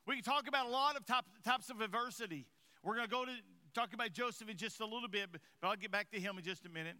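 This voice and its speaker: Pastor guy preaching, high voice, goes quiet then loud, trips over his words a lot. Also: fast talker. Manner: stumbles and repeats words. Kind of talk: sermon.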